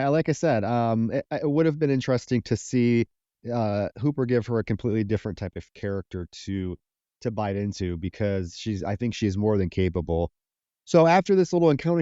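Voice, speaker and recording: A man's voice: medium pitch, no echo, muffled recording. A man co-hosting a horror film podcast, retelling the plot casually with lots of swearing. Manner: profane, animated plot retelling with acted quotes. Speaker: podcast co-host. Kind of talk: casual film recap chat.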